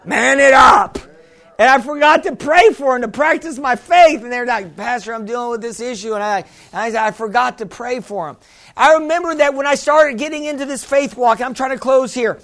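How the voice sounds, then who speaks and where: A middle-aged man, a pastor, preaching a sermon: he tells stories quietly, then builds to shouted, excited exclamations. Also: very high voice, fairly quick.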